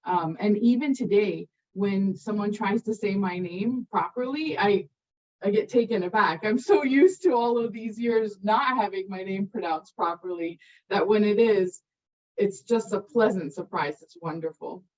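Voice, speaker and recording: A woman who teaches high school science, introducing herself in a soft-spoken, casual way with light humor. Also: measured pace, dull audio. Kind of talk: casual presentation.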